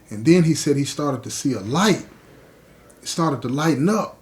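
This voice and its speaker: A man hosting a podcast, retelling a story in an animated, conversational way and speaking directly to his listeners. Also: mid-range voice, brisk. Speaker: podcast host.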